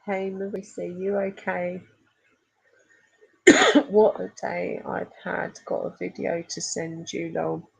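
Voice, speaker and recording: A woman's voice: fairly low pitch, slow, gravelly, pauses often, breathy edge, low-quality recording. A middle-aged woman hosts a casual live stream, chatting affectionately with viewers and laughing often. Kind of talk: casual live chat reading comments.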